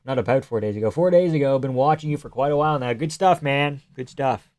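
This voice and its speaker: A man's voice: mid-range voice, fast talker, darkish tone. A man hosting a live stream, reading viewer messages aloud and answering in a loose, joking way that sometimes drops to a near-whisper. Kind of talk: casual live stream chat.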